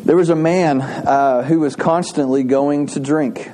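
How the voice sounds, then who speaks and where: A man's voice: a little high, fairly even intonation, measured pace, warm tone, a little hiss or hum. A man preaching a sermon, telling a folksy joke and asking the congregation questions. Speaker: pastor.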